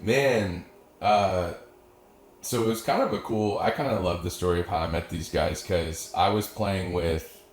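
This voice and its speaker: A man's voice: deep voice, measured pace. A young adult man, a musician guest, telling a long story in casual chat, rambling and swearing often with lots of filler words. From Austin area. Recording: echoey room, faint background ambience.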